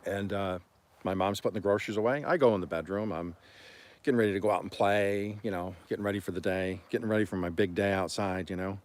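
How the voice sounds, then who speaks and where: A man from Oklahoma hosting a homestead livestream, telling stories in a rambling, folksy way and often clearing his throat. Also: lowish voice, steady tone, quick pace. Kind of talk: casual storytelling on a livestream.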